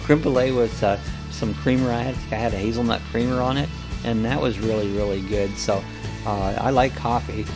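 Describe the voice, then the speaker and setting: A man's voice: medium pitch, fairly even intonation, a little fast, over music. A man hosting a casual live coffee chat, talking in a rambling, folksy way with lots of fillers and restarts.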